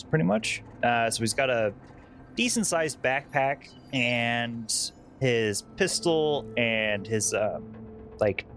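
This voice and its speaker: A man's voice: mid-range voice, fairly bright tone. A man playing in a tabletop game, describing his character in a hesitant way with many fillers. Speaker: player.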